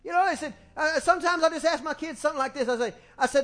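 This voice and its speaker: A middle-aged man preaching a folksy, animated sermon in a church, speaking into a handheld microphone. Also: very high voice, racing, few pauses. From small-town US. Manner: folksy and animated, acting out family quotes. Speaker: pastor. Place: church sanctuary, music faint behind.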